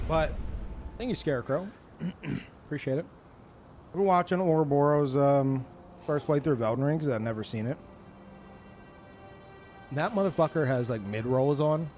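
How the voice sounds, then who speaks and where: Male streamer, fairly high voice, swears constantly and rants with animated energy; faint music playing underneath. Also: unhurried, long pauses. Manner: ranting, profane, animated. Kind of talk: casual live-stream chat.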